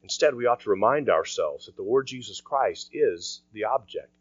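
A man preaching a sermon as pastor, earnest, often dropping to a quiet voice for emphasis. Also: lowish voice, expressive, moderate pace, husky, dry recording. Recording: dry, dull lo-fi sound.

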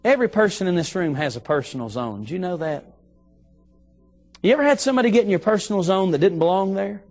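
A middle-aged male preacher delivering an evening sermon in a church, telling a story and slowing down to stress key phrases. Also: high voice, expressive, faint music behind. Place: church sanctuary.

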